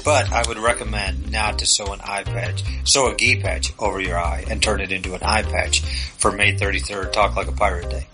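A man co-hosting a podcast, telling absurd stories in a deadpan, joking way. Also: low voice, moderate pace, over music, low-quality recording. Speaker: podcast co-host. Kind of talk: casual podcast chat.

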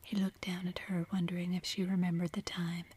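Woman narrator, whispered story reading, soothing, low and monotone. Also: husky. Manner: soft, slow, soothing.

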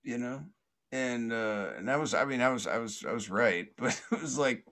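A man hosting a podcast, telling a story casually with many fillers and restarts, often laughing and acting out the voices of others. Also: moderate pace. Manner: acts out quoted voices loudly and higher. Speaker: podcast host.

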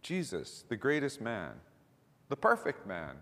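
A middle-aged pastor delivering a sermon in a conversational way, with restarts, asides and repeated words. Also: male voice, mid-range voice, wildly swooping pitch, measured pace, a bit bright. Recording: long reverb of a large hall.

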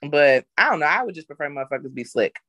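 A woman's voice: deep voice, animated, fast, bright, forceful tone, no room sound. A woman co-hosting a casual chat, speaking candidly in slangy, rambling talk.

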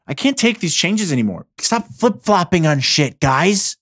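A man's voice: fairly high pitch, very animated, a little slow, fairly bright tone, breathy edge, no room sound, clean studio sound. A man hosting a casual solo podcast, ranting about the news with heavy profanity and rambling restarts. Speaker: podcast host.

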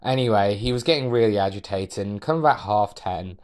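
A young man, a podcast guest, telling a personal story in a measured, reflective way with hesitant restarts. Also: fairly low pitch, darkish tone. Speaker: podcast guest, architectural designer.

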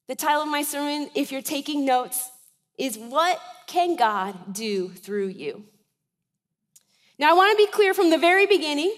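A woman's voice: high voice, a bit bright, big-room sound. A woman in her thirties preaching a sermon in a church, with a conversational style that keeps checking in with the congregation. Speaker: pastor.

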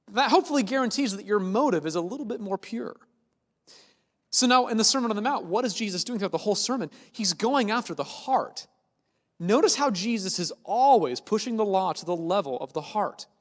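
Guy preaching, high voice, jumps all over in pitch, casual and lively, big hall echo. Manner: animated, conversational preaching, dropping low for emphasis. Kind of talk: sermon.

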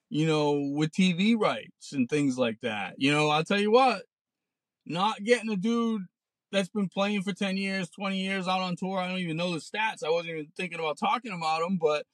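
Forties guy ranting on his podcast from his car, high-ish voice, dry sound, swears a lot. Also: dry recording. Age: 40s. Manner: blunt, profane, sarcastic. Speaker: podcast host. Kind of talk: ranting casual monologue. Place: parked car.

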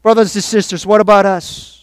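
A man preaching a sermon to his congregation, calling out for responses and swinging between quiet reflection and loud exhortation. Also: high-pitched, fairly even intonation, a little fast, clean tone, no echo. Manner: call-and-response preaching, rising and falling in force. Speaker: pastor.

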